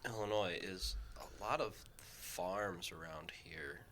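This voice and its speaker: A man co-hosting a podcast in a casual chat, relaxed and chatty, tossing in short reactions. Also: deep voice, slow pace, slight background noise. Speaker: podcast co-host, firefighter.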